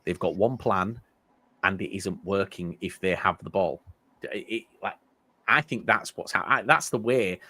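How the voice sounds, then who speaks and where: A man's voice: low-pitched, moderate pace. A man co-hosting a casual football podcast, telling rambling stories with lots of restarts. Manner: rambling, restarts often, animated storytelling. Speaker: podcast co-host.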